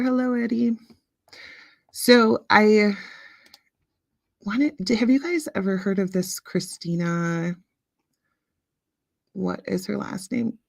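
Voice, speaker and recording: Late-30s woman host, chatty, lots of ums, bit of fry in her voice, dry mic. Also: mid-range voice, no room sound. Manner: chatty, reads out viewer comments, frequent ums. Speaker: livestream host. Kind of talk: casual chat with live viewers.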